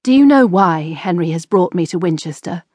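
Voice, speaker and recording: A woman's voice: on the low side, animated, normal speed, darkish tone, no room sound. A woman reading an audiobook, voicing a proud, strong-willed middle-aged queen who speaks firmly and defiantly. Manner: firm, defiant, clipped.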